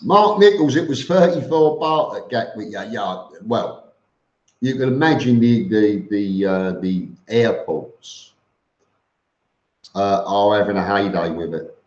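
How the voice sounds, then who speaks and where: Slow-talking man on a live stream. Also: lowish voice. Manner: reads out viewer comments, answers with fillers and restarts; blunt and matter-of-fact, says "mate". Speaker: vlogger answering live chat. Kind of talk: casual live-stream chat. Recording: roomy, dull lo-fi stream audio.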